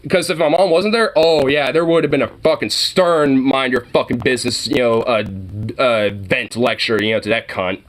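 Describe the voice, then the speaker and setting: There's a faint hiss or hum behind this man's mid-range voice as he vents to the camera at a moderate pace. He's a vlogger on a heated, rambling tear, swearing constantly and leaning on "you know" and "like."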